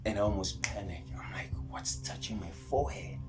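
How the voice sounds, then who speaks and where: A South African man telling a personal story in casual vlogger talk, rambling and animated, dropping to whispers and repeating himself as he goes. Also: on the low side, normal speed, music in the background. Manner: rambling, animated retelling with whispered asides and many restarts. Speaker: spiritual vlogger.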